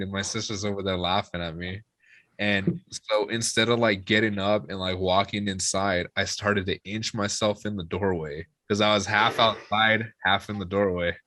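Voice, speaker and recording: A man's voice: lowish voice, normal speed, no echo. A young man, a musician guest, casually telling a rowdy drinking story, swearing freely and acting out the people he quotes. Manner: swearing, lively retelling with quoted voices.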